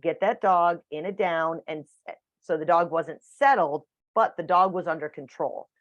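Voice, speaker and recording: A woman's voice: on the low side, normal speed, dry recording. A woman teaching a dog training class over a video call, chatty and matter-of-fact. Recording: dull dry video call audio.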